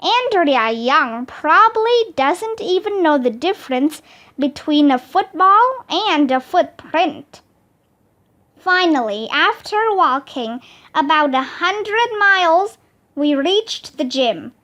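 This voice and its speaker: Animated woman reading a children's book. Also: high-pitched, takes it slowly. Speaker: storybook reader. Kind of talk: children's storybook read-aloud.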